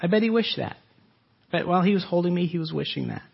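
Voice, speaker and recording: Man, pastor, sermon, husky voice, earnest, muffled recording. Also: high voice, lively intonation, fast talker. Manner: earnest preaching, voice swells then drops soft.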